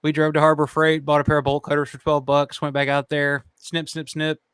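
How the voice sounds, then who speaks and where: A man's voice: a little high, completely flat delivery, a little fast, fairly bright tone, smooth, no room sound. A man hosting a casual chat show, telling a story in a loose, swearing way, laughing often and acting out what people said. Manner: swears freely, laughs often, acts out quotes. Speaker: channel host.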